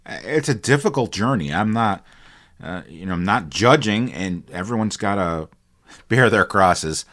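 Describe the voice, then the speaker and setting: A man hosting a radio interview, asking questions in a measured, polite way. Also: fairly low pitch, lively intonation, fairly bright tone. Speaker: radio show host, interviewer.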